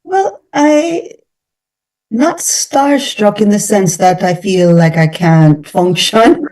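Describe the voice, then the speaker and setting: A Jamaican woman talks as a radio guest, thoughtful and measured, often restarting her sentences. Her voice is warm and mellow. It sounds a little distant from the microphone. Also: medium pitch, animated. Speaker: guest actress. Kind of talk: radio interview.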